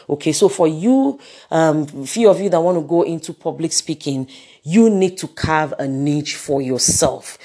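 Animated woman lecturing, low voice. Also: unhurried. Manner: animated, repeats words, many fillers. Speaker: teacher. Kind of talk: lecture on public speaking.

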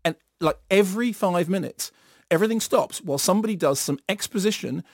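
A middle-aged man giving an animated, sardonic film review in a radio studio, acting out bits in silly voices. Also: high-pitched, brisk, gravelly, dry recording. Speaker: film critic.

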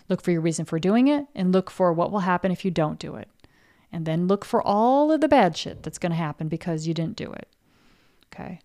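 A woman's voice: lowish voice, expressive, brisk, darkish tone. Blunt, frank woman giving motivational talk. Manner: blunt and frank, swears freely; acts out her listeners' inner voice. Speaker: podcast host and coach for artists.

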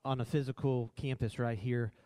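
A man's voice: medium pitch, steady tone, moderate pace, a little mellow, dry recording. A man co-hosting a church talk in a worship center, upbeat and affirming with a preacherly style.

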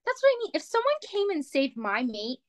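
A young woman co-hosts a podcast in casual, emphatic chat. Her high voice stays dry and close to the mic. She presses her points with passion. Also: sing-song, fairly quick, dry recording. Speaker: podcast co-host.

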